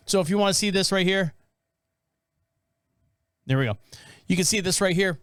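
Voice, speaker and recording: High-voiced chatty male podcast host. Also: a little fast, long pauses, smooth, no room sound, studio quality. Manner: rambling, animated, acts out quotes. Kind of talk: casual commentary on viral videos.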